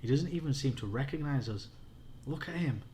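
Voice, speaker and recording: A man's voice: mid-range voice, expressive, fairly quick, a little mellow, a little hiss or hum, voice pushed up, natural voice. A man with a Yorkshire accent voices a frightened twelve-year-old girl from a spooky storybook. The voice is lifted well above his own, urgent and pleading. It is read aloud for a child at bedtime. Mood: anxious.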